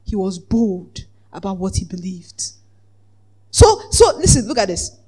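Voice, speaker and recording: A preacher giving a lively sermon, acting out the voices in the story, laughing often and asking the congregation whether they follow. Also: mid-range voice, a little slow, husky. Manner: asks the congregation "Are we together?".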